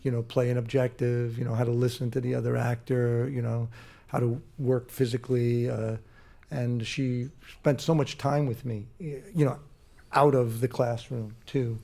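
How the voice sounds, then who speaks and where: A man being interviewed on stage as a guest actor, talking in a halting way with many restarts and fillers. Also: mid-range voice, level tone, creaky, dark tone. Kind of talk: casual interview on a live stage. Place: theater stage before a live audience.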